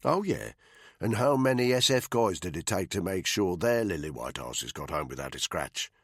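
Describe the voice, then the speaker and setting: A man's voice: low voice, animated, moderate pace, a bit bright, husky, no room sound, clean studio sound, exaggerated voice. A man voicing a cocky, crude special forces soldier in an audiobook. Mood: swaggering. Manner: swaggering, foul-mouthed.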